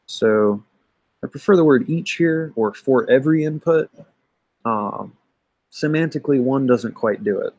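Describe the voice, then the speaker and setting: A man teaching math, walking through exam solutions in a conversational way, often pausing with "um" and checking in with "right?". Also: medium pitch, darkish tone, dry recording, low-quality recording. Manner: conversational, thinks aloud with many "um" and "right?". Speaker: math instructor. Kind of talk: recorded lecture going over an exam.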